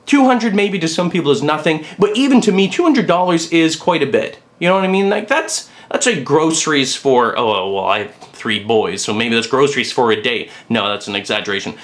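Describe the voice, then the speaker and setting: Blunt ranting man, fairly high voice. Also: lively intonation, fairly quick, few pauses, a bit bright. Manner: blunt, ranting, mocks others in put-on voices. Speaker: vlog host. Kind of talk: opinionated monologue.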